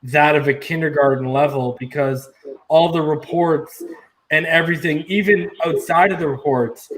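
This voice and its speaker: A man co-hosting a casual sports podcast, emphatic and slowing down to stress his points. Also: on the high side, steady tone, rough recording. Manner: emphatic, slows down to drive points home. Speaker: podcast co-host.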